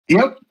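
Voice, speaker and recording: A podcast co-host in casual chat, rambling and leaning heavily on "like". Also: rough recording. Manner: rambling, heavy use of "like"; laughs often.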